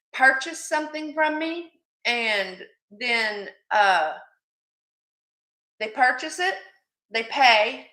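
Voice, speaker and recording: A woman's voice: a little high, bright, forceful tone, reverberant. A woman hosting a live jewelry sale stream, chatty and affectionate with her viewers, calling them sweetie. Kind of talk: live-stream selling chat.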